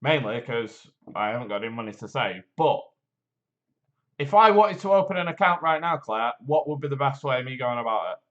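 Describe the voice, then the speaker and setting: A man's voice: medium pitch, expressive, a little fast, fairly bright tone, highs cut off. A man hosting a local live stream, reading a promotion and rambling in a jokey, self-deprecating way. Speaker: host of a local live show. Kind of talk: casual live-stream chat with read promotion.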